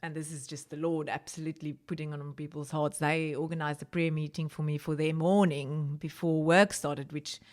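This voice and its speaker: A woman's voice: flat delivery, moderate pace, hardly any pauses. A woman from South Africa, a podcast guest, telling her story in conversation, growing emotional as she speaks. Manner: emotional, rising pitch when recounting prayer. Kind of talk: personal testimony in conversation.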